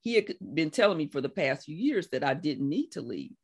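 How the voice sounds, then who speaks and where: Animated woman in her sixties, storytelling. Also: fairly quick, breathy edge. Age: 60s. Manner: animated storyteller, acts out quotes with big laughing pitch jumps. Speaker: guest, life coach. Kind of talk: conversational interview.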